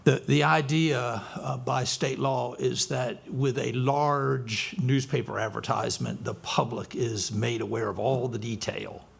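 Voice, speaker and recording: A man's voice: medium pitch, steady tone, a little slow, vocal fry, few pauses, breathy edge. A man advising a county council, explaining the ballot steps plainly at a work session. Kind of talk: meeting discussion.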